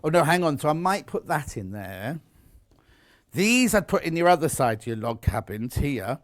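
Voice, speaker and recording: British man, chatty craft shopping host, fairly high voice, teasing and playful. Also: sing-song, normal speed. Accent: British English. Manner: chatty, teasing, reads viewer messages aloud. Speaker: shopping channel presenter. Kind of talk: live craft shopping chat. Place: TV studio.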